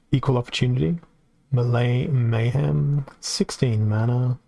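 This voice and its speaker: A man's voice: mid-range voice, steady tone, slow, vocal fry, a little mellow. A man with an Australian accent giving casual live-stream commentary on a card game, chatty and reacting aloud as it plays out.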